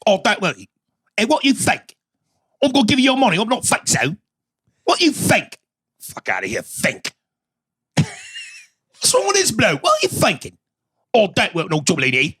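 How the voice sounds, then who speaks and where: A man's voice: high-pitched, huge pitch swings, moderate pace, pauses often, fairly bright tone, breathy edge, dry recording, clean studio sound, pitched above the performer's own voice, heavily acted. A man putting on a mock British accent to play a swearing, threatening tough guy in a bar. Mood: mock menacing. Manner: blustering, swearing, mock-menacing.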